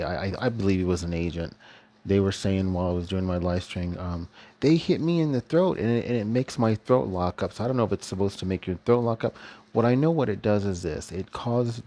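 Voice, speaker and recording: A man with a fairly low voice speaks in a loose, rambling way, restarting his sentences. He chuckles often through a casual religious vlog monologue. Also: a little mellow. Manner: chuckles often while talking. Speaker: vlogger.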